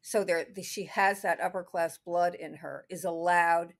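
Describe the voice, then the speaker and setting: A woman's voice: fairly low pitch, fairly even intonation, normal speed. A woman co-hosting a podcast, talking through a classic film in a casual, thinking-aloud way with many restarts. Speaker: podcast co-host.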